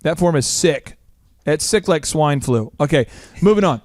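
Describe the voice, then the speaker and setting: A male podcast host in casual business talk, jokey and rambling with quick asides. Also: fairly high pitch, lively intonation, a little mellow, no echo, studio quality. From Oklahoma.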